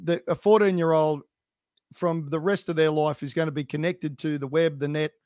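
A man's voice: fairly high pitch, steady tone, normal speed, a little mellow, no echo. A man co-hosting a coaching podcast in casual chat, speaking emphatically and repeating his points for stress. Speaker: swim coach, podcast co-host.

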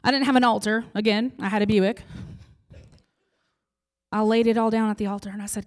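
A woman giving an emotional personal testimony in an earnest storytelling manner, pausing for effect and sometimes dropping to a near-whisper. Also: medium pitch, steady tone. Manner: intense and heartfelt, with dramatic pauses.

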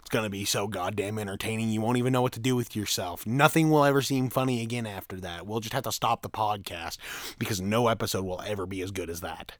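A man's voice: lowish voice, quick pace, dry recording. A man chatting on a podcast, crude and rambling, laughing at his own jokes. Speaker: podcast co-host. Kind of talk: crude casual podcast banter.

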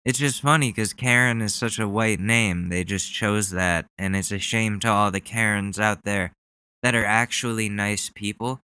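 A man's voice: on the low side, steady tone, normal speed, sharp tone, clean tone, dry recording. A young man hosting a podcast, chatting casually in a rambling, profane way. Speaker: podcast host. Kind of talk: casual chat.

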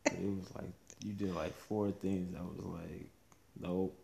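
A man's voice: low voice, little pitch movement, normal speed, gravelly, a little mellow, a little hiss or hum. A man co-hosting a casual chat, teasing in a laid-back way and laughing at his own jokes. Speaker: podcast co-host.

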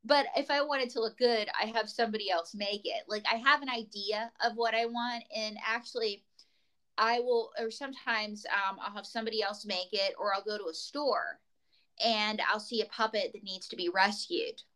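A woman's voice: mid-range voice, fairly even intonation, moderate pace, sharp tone, rough recording. A woman comedian telling rambling, tangent-filled stories as a guest in a casual chat. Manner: rambling, tangent-prone storytelling.

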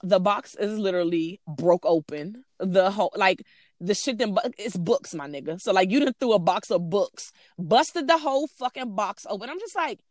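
A woman in her thirties chatting casually as a co-host, ranting with lots of swearing and animated outbursts. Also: medium pitch, normal speed, no room sound, clean studio sound. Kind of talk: casual chat.

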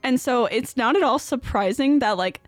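A woman's voice: sits high, moderate pace, dry recording, faint music behind. A young woman co-hosting a podcast, telling a ghost story in a rambling, casual way with lots of fillers and laughter. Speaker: podcast co-host.

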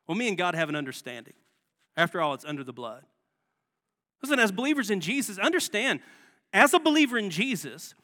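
This guest pastor has a high, sharp voice. He preaches conversationally in a church sanctuary, asking the congregation rhetorical questions, and the recording carries a long church hall reverb.

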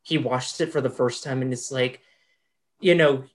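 A young man, a guest on a podcast, telling a story in relaxed casual chat with "you know" fillers. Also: mid-range voice, moderate pace. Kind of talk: casual chat about a movie.

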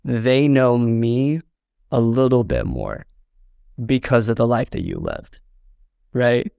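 A man's voice: mid-range voice, expressive, slow pace, vocal fry, darkish tone, clear, resonant tone, dry recording, studio quality. A young man from southern Indiana telling a heartfelt story as an interview guest, earnest and full of "like" and "um". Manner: earnest, fills with "like" and "um", gets choked up.

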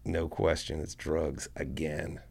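A man telling a story to a podcast host in a casual, profane, animated way, acting out what people said. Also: a bass voice, slow pace, creaky, breathy edge. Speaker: guest musician.

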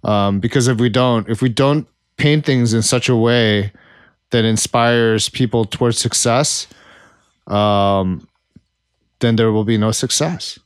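A man's voice: medium pitch, fairly even intonation, slow, clean tone, no echo. A man with a mid-range voice, recorded dry and close with no room sound. He co-hosts a podcast, rambling casually with plenty of swearing and sarcasm. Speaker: podcast co-host.

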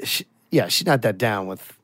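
A man's voice: lowish voice, normal speed, fairly bright tone, dry recording, studio quality. A man telling a crude story in casual podcast chat, swearing a lot and laughing as he goes.

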